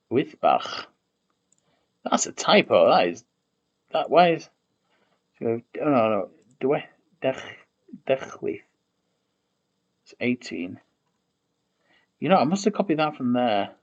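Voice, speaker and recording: A man on a casual livestream, musing aloud and slowly sounding out invented words, often correcting himself as he goes. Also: medium pitch, big pitch swings, lo-fi sound. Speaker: streamer building a constructed language.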